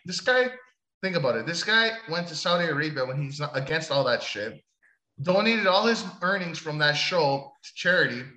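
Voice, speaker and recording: A man co-hosting a casual talk show, animated and jokey, swearing often. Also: fairly high pitch, moderate pace, reverberant, low-quality recording. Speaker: podcast co-host. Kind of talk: casual chat.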